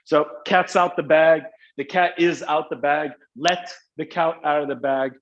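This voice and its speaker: A man's voice: fairly high pitch, fairly even intonation, a little slow, highs cut off. A man teaching an English class live online, in a casual, joking, slangy way. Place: Dubai.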